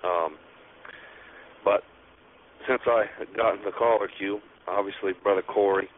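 A man, a church elder, calling in to a radio show, earnest and halting with many pauses. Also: fairly low pitch, fairly even intonation. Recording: phone line with faint noise.

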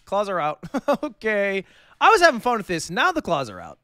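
A man's voice: high voice, huge pitch swings, normal speed, fairly bright tone, dry recording, clean studio sound. A young man in his twenties, a streamer casually telling a joking story with plenty of swearing.

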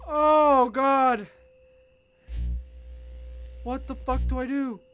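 A woman's voice: sits high, steady tone, very slow, fairly bright tone, soft background music. A woman gamer giving let's play commentary, panicking, swearing and screaming as she plays.

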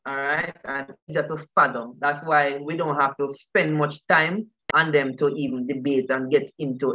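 A man's voice: fairly high pitch, sharp tone, highs cut off. A man pastor teaching a Bible study over an online call, who asks the group questions and often repeats his words.

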